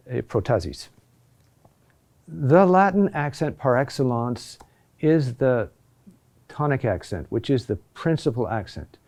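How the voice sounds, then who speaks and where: Man, middle-aged, teacher, slow halting lesson delivery, mellow tone, plenty of ums and restarts. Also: fairly high pitch. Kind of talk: recorded lesson on Latin chant accentuation.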